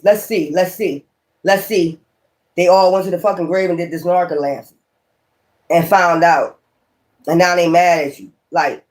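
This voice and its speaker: A man giving a casual tarot reading, talking in a profane, exclamatory, rambling way. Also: sits high. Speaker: tarot reader.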